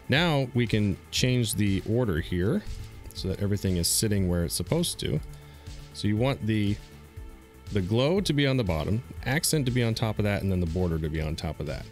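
A man calmly guiding viewers step by step through a software design tutorial, with easy fillers and small repeats. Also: lowish voice. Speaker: streamer teaching a design tutorial. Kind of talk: screen-recorded software tutorial.

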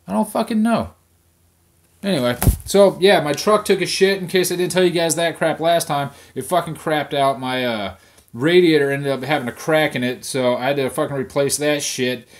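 Profane ranting young man on webcam. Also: on the high side. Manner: swears constantly, irritated venting. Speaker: vlog host.

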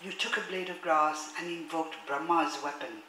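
A woman giving a public lecture, reading passages aloud in a measured, formal way and speaking hesitantly, with many fillers, between them. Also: sits low, pushed and bright, slight background noise. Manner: measured, formal read-aloud delivery of translated text. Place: lecture hall. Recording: roomy hall echo, faint ambience.

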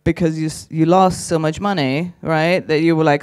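A man working the crowd at a conference, brash and mocking, with a fairly high voice and a loose, profane delivery. He speaks into a handheld mic on stage. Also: expressive, normal speed, hardly any pauses, clean tone. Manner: brash, teasing, swears freely. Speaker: stand-up comedian. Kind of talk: stand-up crowd work. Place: conference stage before a live audience.

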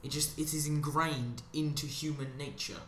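A man's voice: on the high side, steady tone, moderate pace, slight background noise. A man giving a rambling, sarcastic monologue as commentary over gameplay, drifting onto tangents. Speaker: commentary channel host. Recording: roomy echo with faint ambience.

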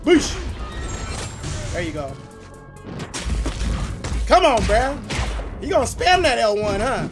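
A man streaming a mobile game live, excitably commenting, shouting and laughing at his opponent in slangy, playful talk. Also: extremely high pitch, takes it slowly, pauses often, music in the background.

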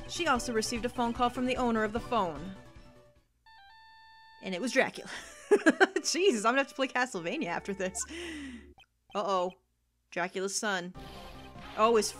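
A woman hosting a let's play, reacting with excited exclamations and frequent laughter while reading the game aloud. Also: a little high, moderate pace, pauses often. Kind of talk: video game commentary. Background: faint game music.

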